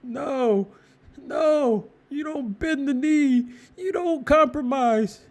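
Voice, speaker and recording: Very high-voiced, slow, fervent man. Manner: fervent, repetitive, hammering phrases. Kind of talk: impassioned moral preaching.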